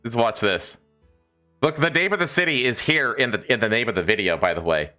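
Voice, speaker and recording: A man's voice: medium pitch, animated, brisk, pushed and bright, soft background music. A man co-hosting a podcast, rambling and swearing in casual chat and laughing easily. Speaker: podcast co-host.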